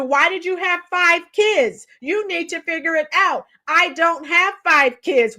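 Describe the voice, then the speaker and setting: A woman's voice: extremely high pitch, measured pace, hardly any pauses. A woman hosting a livestream, bluntly sounding off and talking back to her chat by name. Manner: animated, blunt, laughs often, talks to chat by name. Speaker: livestream host reading chat. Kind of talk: opinionated livestream commentary.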